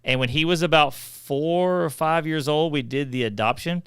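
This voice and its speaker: A middle-aged man, a podcast co-host telling funny family stories in a chatty, animated way. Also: a little high, normal speed, smooth, no room sound, clean studio sound. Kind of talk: casual storytelling.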